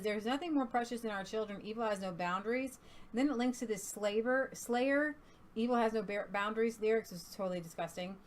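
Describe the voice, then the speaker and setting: A woman co-host reads posts aloud and comments on them, pausing often and filling the gaps with "uh" and "um". Her voice sits a little high. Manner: hesitant, many fillers. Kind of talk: casual chat reading posts aloud.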